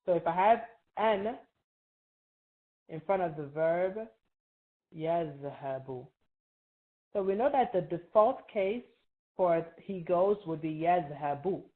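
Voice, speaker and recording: Low-voiced woman teaching over tinny line. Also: measured pace. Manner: patient, quizzes students, frequent "right?" checks. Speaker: Arabic teacher. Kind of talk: classroom review lesson. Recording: tinny phone-like online call.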